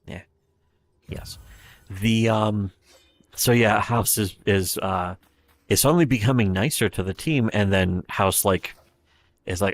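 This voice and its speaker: A man's voice: low-pitched, fairly even intonation, measured pace, pauses often. A man giving rambling, profane livestream commentary, retelling scenes with quoted voices. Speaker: streamer.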